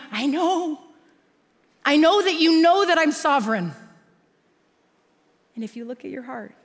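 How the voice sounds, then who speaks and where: Animated woman preaching in a reverberant hall. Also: medium pitch. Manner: animated, swinging between loud emphasis and hushed asides. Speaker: pastor. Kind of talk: sermon. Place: large church auditorium. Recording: long reverb of a large church hall.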